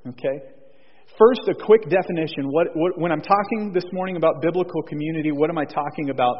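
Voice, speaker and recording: A man's voice: a little high, fast. Preaching man in an echoing church. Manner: earnest, repeats key phrases, frequent restarts. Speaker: pastor. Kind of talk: sermon. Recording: husky voice in a long church reverb, dull lo-fi sound.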